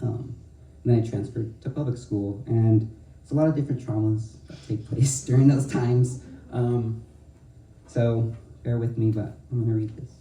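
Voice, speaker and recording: A young man, a student poet, reading his poems aloud in a slow, measured way with pauses, and chatting hesitantly between pieces. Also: medium pitch, fairly even intonation, warm tone. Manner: hesitant filler-heavy asides between poems. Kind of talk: poetry reading. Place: event hall with audience. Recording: roomy hall, mic far off.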